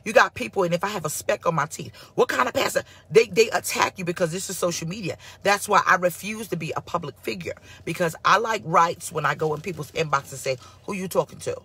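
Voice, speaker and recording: Sassy, husky woman preacher going live. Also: on the low side, quick pace, few pauses. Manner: sassy and animated, chatting back to online viewers. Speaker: pastor. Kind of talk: casual live-streamed sermon talk. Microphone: phone or computer mic for live stream.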